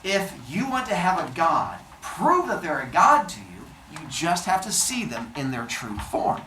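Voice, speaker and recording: Sly old-woman goddess in disguise, high and wheedling, put on by a male teacher; echoey room, mic at a distance. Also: sing-song, measured pace, sharp tone, a little hiss or hum, full character voice. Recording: echoey classroom, mic far off.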